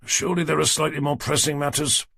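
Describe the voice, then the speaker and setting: A man's voice: a little high, steady tone, fast talker, gravelly, bright, forceful tone, husky, no room sound, pitched above the performer's own voice, exaggerated voice. A man reading a sardonic detective inspector. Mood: dry, sardonic. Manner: dry, commanding, sardonic. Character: gruff weary middle-aged male detective inspector. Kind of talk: audiobook character reading.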